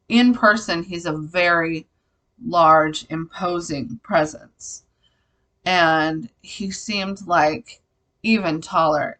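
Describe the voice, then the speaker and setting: A woman's voice: lowish voice, a bit bright, poor audio. A woman speaking as a Christian blogger, candidly reflecting on her faith and telling personal stories, with hesitations and fillers.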